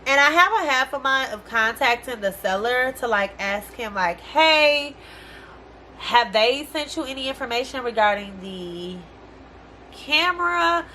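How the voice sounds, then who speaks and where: A young woman vlogging a casual storytime rant, animated and exasperated, swearing freely in slangy speech. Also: sits high, unhurried, slight background noise.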